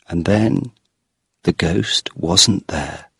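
A man narrating a graded-reader audiobook in a slow, clear, measured reading style. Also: deep voice, expressive, fairly bright tone, dry recording, clean studio sound.

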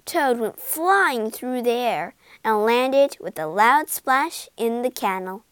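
A woman reading a children's storybook aloud in an expressive, deliberate way. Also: on the high side, clean tone, dry recording. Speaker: narrator. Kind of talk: storybook read-aloud narration.

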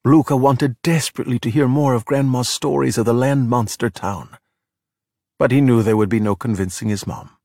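A middle-aged man reading a children's storybook aloud in a steady, plain way. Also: medium pitch, normal speed, dry recording, studio quality. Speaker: narrator.

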